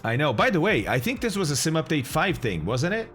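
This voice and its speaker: A man's voice: a little high, very animated, brisk, a bit bright, faint music behind. A man streaming a flight simulator in casual live chat, greeting viewers and explaining as he goes.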